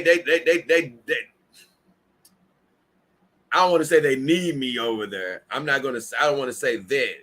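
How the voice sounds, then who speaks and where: A weary host of a laid-back livestream rambles through viewer comments, restarting and repeating often. His mid-range voice comes across pushed and bright.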